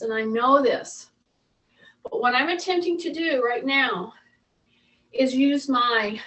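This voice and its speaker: A woman's voice: high voice, fairly bright tone, recorded from a distance, rough recording. A woman fitness instructor talking viewers through a workout, chatty and coaching, repeating her cues.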